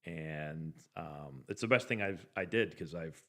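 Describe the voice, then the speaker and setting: A man's voice: very deep voice, unhurried, bright, forceful tone. A man in his forties telling loose baseball stories as a live-stream host, rambling with lots of "like" and restarts. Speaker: former pro ballplayer hosting a live stream. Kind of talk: casual anecdotal storytelling.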